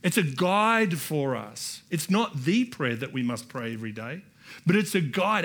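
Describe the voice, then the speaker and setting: A man's voice: on the high side, expressive, moderate pace, fairly bright tone. A man with an Australian accent preaching a sermon in church, building to emphatic repeated lines and calling out to the congregation. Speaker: pastor. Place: church hall.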